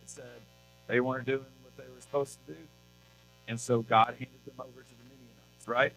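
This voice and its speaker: A man's voice: medium pitch, level tone, brisk, a bit bright, a little hiss or hum, rough recording. A man preaching a youth sermon at a church service in a casual, conversational way, often tossing in rhetorical questions. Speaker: youth pastor.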